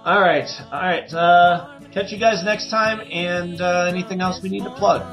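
A man co-hosting a podcast in casual chat, animated and quick to joke. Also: sits high, over music. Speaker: podcast co-host. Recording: dull lo-fi sound.

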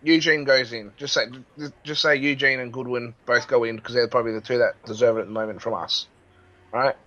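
A man's voice: mid-range voice, fairly even intonation, fairly quick, pushed and bright. A man co-hosting a casual sports chat podcast, speaking bluntly and matter-of-factly. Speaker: podcast co-host. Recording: dull lo-fi mic.

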